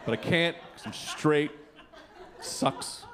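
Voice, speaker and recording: A man's voice: a little high, wildly swooping pitch, takes it slowly, background noise. A man performing a loose, rowdy stand-up comedy set in a comedy club, acting out quotes. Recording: comedy club with loud crowd laughter.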